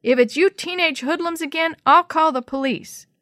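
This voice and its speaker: A woman voicing a frail, hobbling old woman who scolds loudly in a high, sharp voice. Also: moderate pace, no echo, clean studio sound. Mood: angry. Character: cranky old woman, frail, hobbling, gruff then kind.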